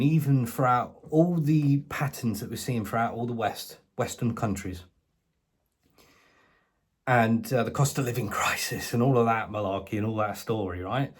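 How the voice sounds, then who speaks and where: A man's voice: mid-range voice, husky. A middle-aged British man giving a sarcastic, casual commentary monologue, mocking and incredulous, with colloquial asides. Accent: British English. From Britain. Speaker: political commentator.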